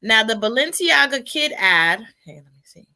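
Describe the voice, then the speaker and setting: A woman's voice: fairly high pitch, big pitch swings, normal speed, pushed and bright. A woman appearing as a guest in a casual chat, speaking bluntly and emphatically.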